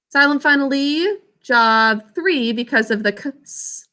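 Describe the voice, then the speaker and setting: A young woman teaching a class, slowly sounding out words and their syllables. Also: high voice, expressive, bright, forceful tone. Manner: clear, slow enunciation of words and sounds. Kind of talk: classroom spelling lesson.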